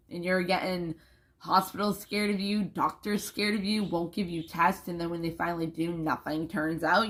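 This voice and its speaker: A young woman talking casually to camera in a rambling, emphatic vlog, swearing freely. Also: lowish voice.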